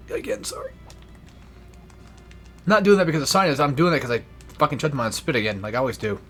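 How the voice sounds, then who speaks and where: A man's voice: mid-range voice, sing-song, quick pace, fairly bright tone, soft background music. A young man giving casual gameplay commentary, rambling and swearing freely with self-deprecating asides. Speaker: let's play gamer.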